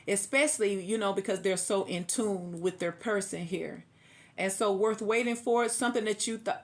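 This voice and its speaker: A woman giving a casual tarot reading, chatty and preachy, laughing often. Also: lowish voice. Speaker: tarot reader.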